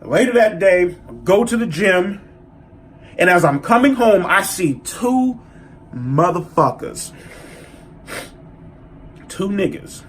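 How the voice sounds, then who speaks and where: A man telling a story in a casual vlog, profane and animated as he rants. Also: high-pitched, slow, long pauses, slight background noise. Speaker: vlogger.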